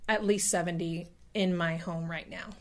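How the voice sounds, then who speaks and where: A woman's voice: lowish voice, fairly even intonation, moderate pace. A woman co-hosting a podcast, chatting casually, laughing often and trailing off mid-thought. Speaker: podcast co-host. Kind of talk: casual chat.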